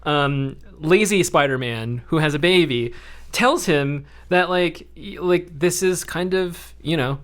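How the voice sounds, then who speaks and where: A man hosting a casual podcast, ranting animatedly and swearing freely as he recaps a film. His voice is high for a man, bright and smooth. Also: a little slow. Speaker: podcast host.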